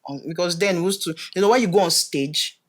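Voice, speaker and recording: A man with a Nigerian accent, a guest actor in a casual podcast interview, telling animated stories and acting out what others said. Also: high voice, fast. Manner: animated storyteller, acts out quotes, laughs often. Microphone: podcast studio mic.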